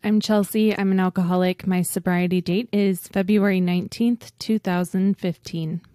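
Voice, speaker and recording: A calm, mellow-voiced woman co-host. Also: medium pitch, normal speed, dry recording, clean studio sound. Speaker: podcast co-host. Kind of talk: casual chat and show intro.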